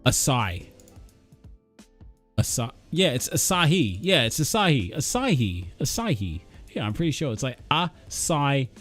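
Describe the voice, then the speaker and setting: A man's voice: medium pitch, big pitch swings, moderate pace, few pauses, fairly bright tone, soft background music. A man hosting a casual livestream, reading viewer comments aloud and cheering viewers on. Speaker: livestream host. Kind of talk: casual live-chat stream.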